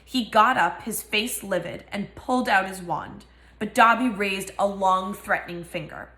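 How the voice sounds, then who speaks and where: A woman's voice: mid-range voice, measured pace, pushed and bright, reverberant. A woman reading a novel aloud and giving each character a voice. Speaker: reader.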